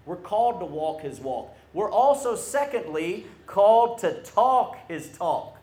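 High-voiced, slow-talking male preacher in an echoing hall. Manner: animated, calls for crowd responses. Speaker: preacher at a youth camp. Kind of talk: sermon. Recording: roomy hall echo.

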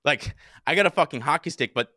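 A young man telling a story in casual podcast chat, animated and swearing a lot. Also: fairly high pitch, brisk, no echo, clean studio sound. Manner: animated, heavy swearing, acts out his own shouts. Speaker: podcast co-host.

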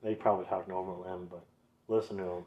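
A man's voice: sits low, flat delivery, fast talker, a little mellow. A young man with a Minnesotan accent, telling loose, profanity-heavy stories in a casual podcast chat. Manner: loose, swearing, laughing storyteller. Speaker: podcast co-host. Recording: dull lo-fi sound.

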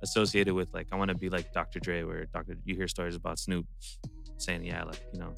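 A man with a very deep voice chats casually about producing records. He laughs often and slips into quick impressions of the artists he works with. Faint music plays behind him. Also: level tone, vocal fry, fairly bright tone. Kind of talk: casual podcast chat.

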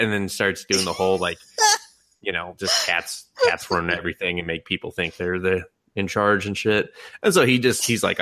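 A man on a podcast retells a cartoon plot in animated casual chat, laughing and swearing as he goes. His voice sits a bit low yet has a sharp, bright edge. The sound is dry and close. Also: normal speed, dry recording. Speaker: podcast co-host.

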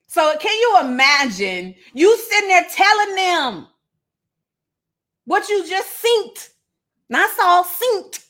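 A woman's voice: extremely high pitch, sing-song, slow pace, pauses often, fairly bright tone. A woman retelling a Bible story comically, with playful slangy asides and frequent laughs.

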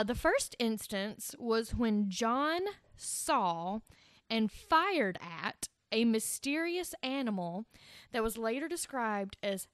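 Slow-talking woman telling a spooky tale. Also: medium pitch, no room sound, studio quality. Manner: swears freely, jokey asides. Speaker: podcast host telling a scary story. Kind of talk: casual storytelling chat.

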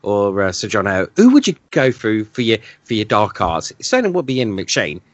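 A man from England co-hosts a podcast in casual, blunt chat. His pitch swings widely as he talks, and he laughs often. The recording is dry and a little dull. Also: wildly swooping pitch, brisk, no echo. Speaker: podcast co-host.

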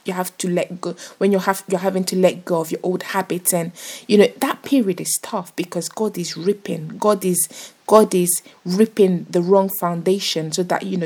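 A young woman vlogger with a fairly low, dark voice talks to camera about faith. She is earnest and casual, rambling with many fillers and restarts.

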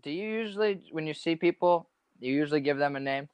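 A man's voice: on the high side, fast, a little mellow, clear, resonant tone, dry recording. A man chatting casually, cracking crude jokes and calling people dude. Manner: wisecracking, calls people dude. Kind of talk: casual chat.

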